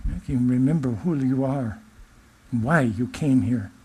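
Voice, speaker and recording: A man channeling a benevolent otherworldly male spirit, giving a gentle, uplifting spiritual address in a put-on English-sounding accent. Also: medium pitch, measured pace, husky.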